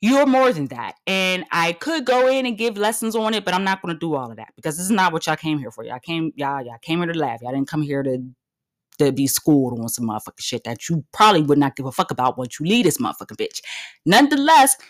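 A woman's voice: low voice, very animated, fast. Female podcast host, 30s: brash, profane comedic rant, blunt and emphatic, repeats lines for effect. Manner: blunt and confrontational.

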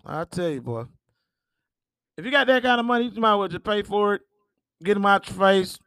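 High-voiced man riffing on gossip. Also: animated, normal speed, creaky, pauses often, sharp tone, dry recording, studio quality. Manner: profane, exclaiming and laughing over headlines. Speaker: podcast host. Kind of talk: casual celebrity gossip commentary.

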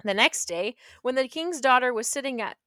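A woman's voice: high voice, animated, moderate pace, a bit bright, dry recording. A young woman reading a fairy tale aloud and breaking off into playful, sarcastic jokes. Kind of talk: reading a story aloud with joking asides.

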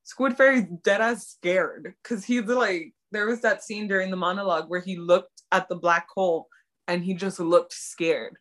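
A young woman co-hosting a casual chat, excitedly retelling scenes in slangy talk. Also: lowish voice, normal speed. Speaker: podcast co-host. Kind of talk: casual chat recapping a drama.

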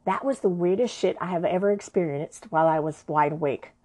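A woman's voice: fairly low pitch, fairly quick, mellow. A woman narrating a personal story in a frank, conversational way, swearing freely.

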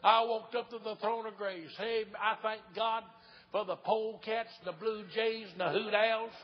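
Older man, East Tennessee accent, revival evangelist, high-pitched husky voice, folksy sermon with bursts of shouting, dull lo-fi church recording, long hall reverb. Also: fairly even intonation, moderate pace. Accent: Southern US, East Tennessee. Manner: folksy storytelling, swelling to shouts. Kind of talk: old-time revival sermon. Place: church sanctuary.

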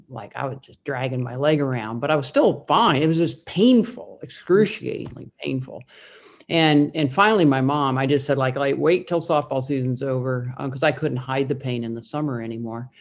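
A woman from the Midwest tells a personal story as an interview guest. She speaks earnestly, often restarting sentences and using fillers along the way. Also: a bass voice. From Midwest US, Indiana.

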